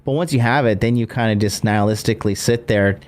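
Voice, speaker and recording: A man's voice: fairly low pitch, fast. A man hosting a casual conversation, talking loosely with many fillers and restarts.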